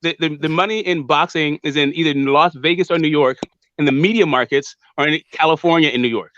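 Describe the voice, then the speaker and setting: A man's voice: on the high side, fairly quick, fairly bright tone, muffled recording, a little hiss or hum. A man as a guest pundit, explaining boxing markets in a rambling way, repeating words and checking with "right?". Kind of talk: casual call-in discussion.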